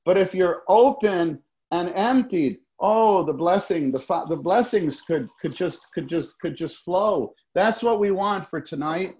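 Halting, repetitive male preacher. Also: high voice, expressive, a little mellow. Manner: halting, repeats words, leads congregation in call-and-response. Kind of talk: sermon. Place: meeting hall with a summer-school gathering.

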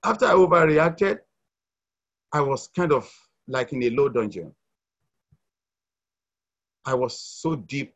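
A middle-aged man from Nigeria giving an earnest church testimony, hesitant, with fillers and restarts, rising loud and dropping soft. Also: a little high, lo-fi sound. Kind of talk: testimony sharing at a church meeting.

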